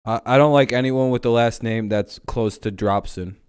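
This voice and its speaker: Dude streaming football talk, smooth clear voice, rambles and swears a lot. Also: male voice, medium pitch, moderate pace, darkish tone. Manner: rambling, profane, joking. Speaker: livestream host. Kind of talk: casual sports chat.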